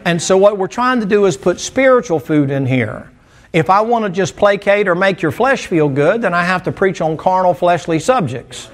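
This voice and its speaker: Middle-aged man preaching, kinda high voice, folksy mountain storyteller vibe. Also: lively intonation, moderate pace. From American mountain region. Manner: folksy, storytelling, humorous asides. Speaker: pastor. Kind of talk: sermon.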